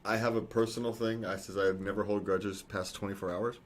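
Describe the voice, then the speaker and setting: A man's voice: on the low side, little pitch movement, fairly quick, a little hiss or hum. A man co-hosting a casual talk show, rambling and correcting himself, chuckling often. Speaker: podcast co-host. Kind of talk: casual chat.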